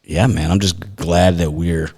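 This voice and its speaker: A man's voice: sits low, fairly even intonation, measured pace, darkish tone, breathy edge, in a large hall. A man co-hosting a podcast, chatting casually and telling a story with quoted dialogue, laughing often. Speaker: podcast co-host. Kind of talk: casual chat.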